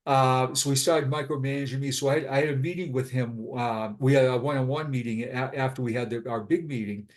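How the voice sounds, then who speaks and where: A man's voice: mid-range voice, steady tone, a little fast, few pauses. A blunt man in his fifties with a Boston accent, telling his story as a retired police sergeant in a casual interview. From Boston, USA. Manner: blunt, frank.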